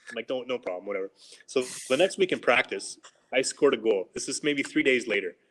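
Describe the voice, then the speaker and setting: A former hockey player in his forties telling animated, casual stories on a podcast and acting out what his coaches said. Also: medium pitch, a little fast, poor audio. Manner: animated anecdotes, laughing, quoting coaches. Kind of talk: casual storytelling.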